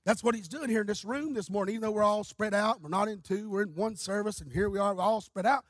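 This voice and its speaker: A male pastor preaches, weaving stories into his sermon and building toward shouted exhortations. His voice sits unusually high for a man and has a husky grain. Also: quick pace, no room sound. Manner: storytelling, rising to shouting.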